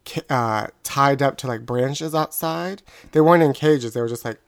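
A casual storyteller rambles through a family anecdote, laughing at their own punchlines. The voice sits in a middle pitch. It is recorded dry and close, with no room around it. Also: normal speed, creaky, no echo. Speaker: podcast co-host telling a story.

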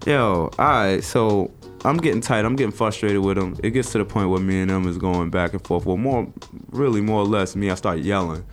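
A man's voice: fairly low pitch, brisk, faint music behind. A man, a recurring guest host telling a casual, slang-heavy story and acting out what people said. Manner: animated, slangy, acts out quotes.

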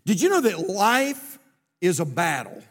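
Male pastor, high voice, emphatic repetition, church sermon, long hall echo. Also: wildly swooping pitch, measured pace, creaky, a bit bright. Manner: preaching with rising, emphatic repetition. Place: church sanctuary.

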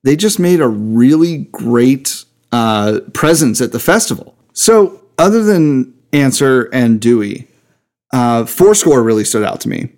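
Man, podcast co-host, casual chat, middle pitch, easygoing, laughs a lot, trailing fillers. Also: very animated, unhurried, darkish tone.

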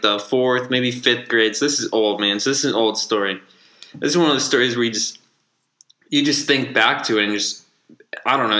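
A man's voice: mid-range voice, pushed and bright, roomy sound. A young man hosting a casual podcast, telling a profane, rambling story full of restarts. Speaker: podcast host.

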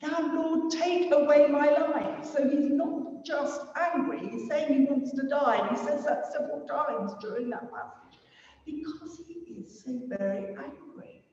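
High-voiced man preaching in an echoing hall. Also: unhurried, darkish tone. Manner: conversational, asks the congregation rhetorical questions. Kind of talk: sermon. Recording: distant, roomy, dull long-reverb hall sound.

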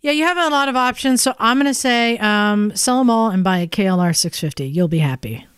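A woman's voice: fairly high pitch, animated, fairly quick, clear, resonant tone, no room sound. Joking woman podcast co-host. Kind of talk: casual podcast chat, reading listener email.

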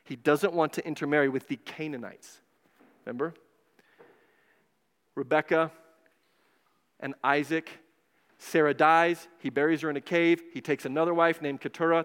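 A man gives an animated, digressive sermon in a church and acts out the voices as he tells the story. His voice sits a little high, and a long hall reverb trails behind every line. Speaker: pastor. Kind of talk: casual sermon retelling.

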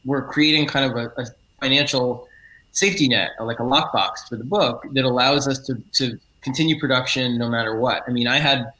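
A middle-aged man with a bright, forward tone, talking at a middling pitch in a relaxed interview. He is a comic book writer who explains things at length, earnest and eager, often restarting and correcting his phrasing as he goes. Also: a little fast, rough recording. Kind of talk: casual interview talk.

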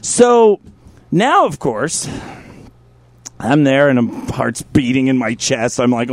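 A middle-aged man hosting a radio show, telling a crude comic story in an animated way, swearing freely and bursting into shouted impressions. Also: mid-range voice, slow, dry recording.

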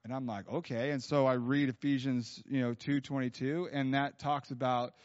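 A man's voice: medium pitch, level tone, moderate pace. A man preaching a sermon in a casual, rambling storytelling way, full of fillers and restarts, in a church. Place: church hall. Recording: dull sound with long hall reverb.

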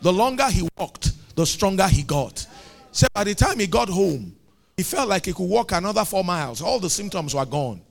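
A man preaching a sermon, retelling stories with acted dialogue and building to shouted, emphatic climaxes. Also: high voice, very animated, normal speed, gravelly, faint music behind.

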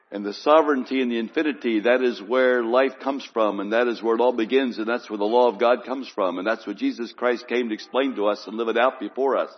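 A man preaching a sermon in an earnest, unhurried way, piling up emphatic lists. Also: on the low side. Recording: muffled, long church reverb.

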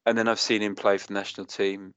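A man's voice: lowish voice, quick pace, clean tone, dry recording, dull audio. A Welsh man in his thirties co-hosting a casual football podcast, talking in an emotional, rambling way. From Wales. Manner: emotional, rambling, animated storytelling. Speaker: podcast co-host.

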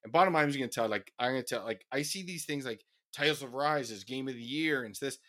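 A middle-aged man, co-hosting a casual gaming podcast and ranting in an animated, profane way into a podcast mic. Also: medium pitch, fast talker. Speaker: podcast co-host.

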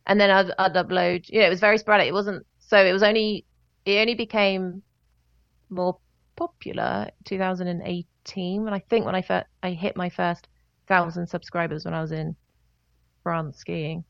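Chatty woman with a gravelly edge. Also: on the low side, moderate pace, dry recording, dull audio. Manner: chatty, animated, breaks into voices and laughter. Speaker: guest, singer and vocal coach. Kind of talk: casual interview storytelling.

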